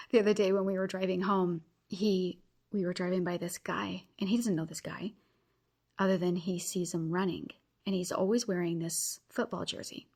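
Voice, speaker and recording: A woman in her thirties hosts a motivational podcast with a husky, breathy voice that sits a little low. She speaks earnestly and encourages her listeners directly. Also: fairly even intonation, normal speed, darkish tone. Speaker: podcast host.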